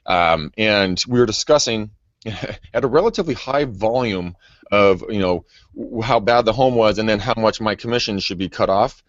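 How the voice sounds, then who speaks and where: A man with a lowish voice tells stories in a loose, animated way and laughs a lot. The sound is dull and lo-fi, and the room is dry with no echo. He is a real estate agent. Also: normal speed. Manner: animated, laughs often, acts out quotes. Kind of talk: casual storytelling.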